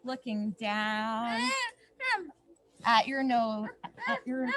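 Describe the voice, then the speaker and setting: A young woman leading a yoga class for children outdoors in a snowy backyard, giving gentle instructions with playful asides. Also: fairly high pitch, fairly even intonation, very slow. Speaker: yoga teacher.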